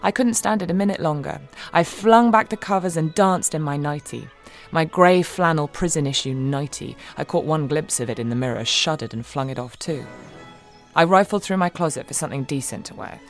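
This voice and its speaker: A woman reading a first-person audiobook in a wry, expressive way, swinging between giddy and hushed. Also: sits low, fairly quick, faint music behind. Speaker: audiobook narrator.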